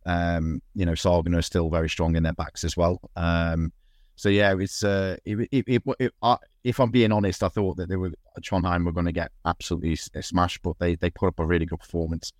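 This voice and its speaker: A man's voice: low voice, little pitch movement, a little fast, darkish tone, dry recording, clean studio sound. A man hosting a casual sports podcast, rambling with lots of restarts and the odd swear word. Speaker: podcast host. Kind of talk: casual chat.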